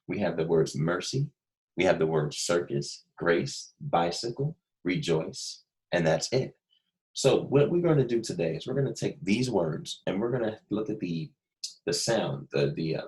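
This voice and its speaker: A man teaching a recorded first grade phonics lesson, slow and patient, repeating steps and asking young pupils questions. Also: deep voice, darkish tone, poor audio.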